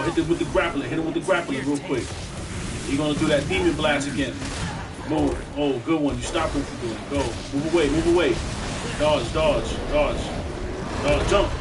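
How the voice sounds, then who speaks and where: A male stream host cheering on and coaching a player with rapid, repetitive instructions. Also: fairly high pitch, over a noisy crowd. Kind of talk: hyped game coaching commentary. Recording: distant mic with loud noise.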